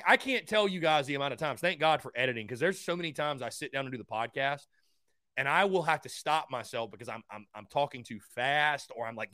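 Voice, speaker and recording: A young man hosting a call-in sports talk show, high-energy and rambling, often stumbling over his words as he gets worked up. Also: pushed and bright, dry recording, studio quality. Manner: stammering restarts. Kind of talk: call-in sports radio chat.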